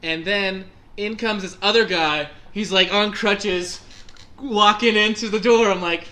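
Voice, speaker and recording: A young man telling a story in casual chat, animated and laughing as he acts out his own reactions. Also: high-pitched, unhurried.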